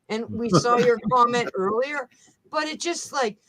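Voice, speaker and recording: A woman's voice: fairly high pitch, a little fast, hardly any pauses, a bit bright, poor audio. A woman chatting casually on a live stream, blunt and profane, laughing often. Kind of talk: casual chat.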